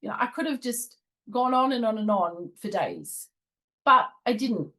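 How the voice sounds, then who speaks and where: A woman's voice: a little high, lively intonation, normal speed, a bit bright, low-quality recording. A woman hosting a spiritual channel, giving casual commentary and sharing personal stories in an earnest, confiding way.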